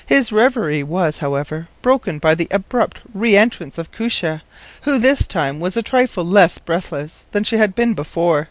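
Audiobook narrator: male, measured storytelling, fairly high voice, dry close recording. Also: expressive, no room sound. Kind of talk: scripted narration.

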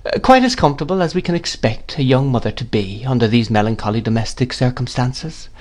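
A man reading aloud voices a meek, mild country doctor who speaks softly and deferentially. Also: medium pitch, lively intonation, brisk, lightly acted. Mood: soothing. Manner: soft, timid, deferential.

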